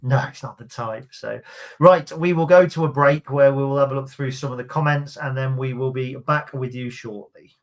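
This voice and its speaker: A man hosts a relaxed fan podcast. He talks in a chatty, easygoing way and reads listener comments aloud between stories. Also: medium pitch, normal speed. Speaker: podcast host. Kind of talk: casual fan podcast chat.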